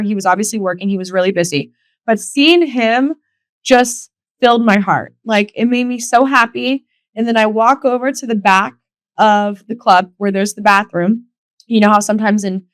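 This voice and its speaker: A woman's voice: medium pitch, dry recording. A young woman hosting a solo podcast, telling personal stories candidly and emotionally, swearing freely and acting out quotes. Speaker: podcast host. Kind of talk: casual solo podcast storytelling.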